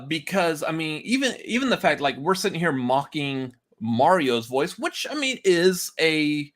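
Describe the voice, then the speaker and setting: A man's voice: a little high, fairly bright tone. Guy cohosting a chill podcast, lots of uhs and restarts, laughs a bunch. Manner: hesitant, many fillers and restarts, laughs often. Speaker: podcast co-host. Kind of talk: casual chat.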